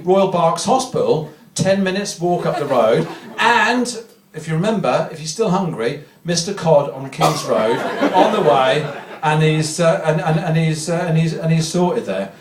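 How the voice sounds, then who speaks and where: A man from Reading doing stand-up in a comedy club, rambling through self-deprecating digressions with a deadpan touch, recorded from a distance. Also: a little high, normal speed, noisy background. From Reading, England. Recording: echoey club recording from far off, audience laughter.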